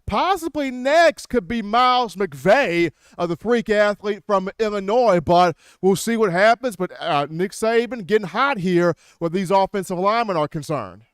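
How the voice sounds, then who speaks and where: A man hosting a sports call-in show, energetic and quick, taking callers with repeated catchphrases. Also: high voice, clear, resonant tone, no room sound, clean studio sound.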